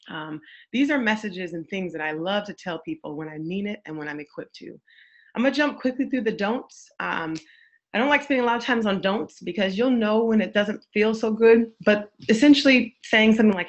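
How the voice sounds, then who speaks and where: A woman's voice: mid-range voice, expressive, normal speed, muffled recording. A woman therapist giving an earnest, affirming webinar talk, with many repeated phrases. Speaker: therapist and church speaker. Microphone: webinar microphone.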